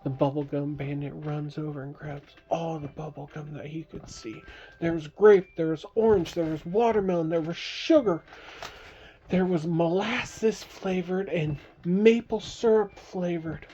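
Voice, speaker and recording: A woman reads a playful bedtime tale, stopping to quiz her listener and to make sound effects. Her voice is low and mellow. It comes through a dull, lo-fi recording. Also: a little slow, husky. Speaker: storyteller. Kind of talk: bedtime story narration.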